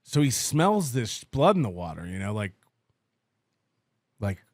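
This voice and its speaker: A man's voice: fairly low pitch, big pitch swings, measured pace, no echo, clean studio sound. Sarcastic man on a podcast. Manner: sarcastic and mocking, often laughing. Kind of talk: casual podcast commentary.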